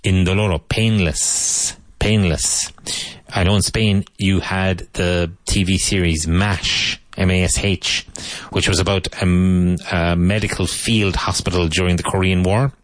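A man teaching English vocabulary to Spanish speakers, repeating each word slowly and explaining its pronunciation. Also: low-pitched, level tone, dry recording.

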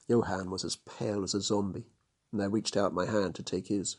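A man narrating a storybook chapter in a steady, measured reading. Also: on the low side, slightly rough.

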